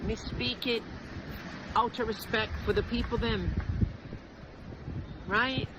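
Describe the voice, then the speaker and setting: A high-voiced Canadian woman with a Canadian accent chats playfully in Jamaican Patois. She records outdoors on a beach, and loud wind and outdoor noise rush behind her. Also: steady tone, slow. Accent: Canadian, speaking Jamaican Patois. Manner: friendly, playful, practicing Patois. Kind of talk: casual outdoor vlog.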